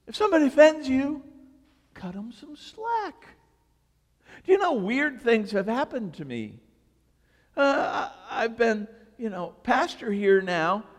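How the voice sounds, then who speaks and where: Pastor, man, high animated voice, slow unhurried delivery, reverberant church hall. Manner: animated, joking storytelling. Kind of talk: sermon. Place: church sanctuary.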